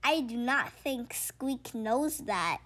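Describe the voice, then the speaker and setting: A woman voicing a gentle, caring fox in a children's storybook reading, soft and calm, close to her narrating voice. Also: a little high, slow, heavily acted.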